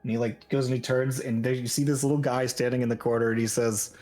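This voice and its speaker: A man narrating a tabletop game as game master, lively and quick to laugh. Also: mid-range voice, faint music behind.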